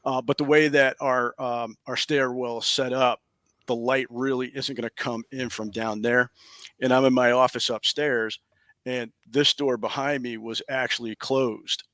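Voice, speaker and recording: Man telling an animated ghost story. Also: medium pitch, a little slow, dry recording. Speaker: guest, paranormal investigator. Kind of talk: casual storytelling. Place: home office upstairs.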